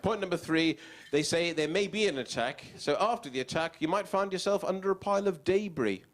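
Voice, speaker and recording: A male stand-up comedian, animated and wry, acting out voices in his routine. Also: sits high, brisk.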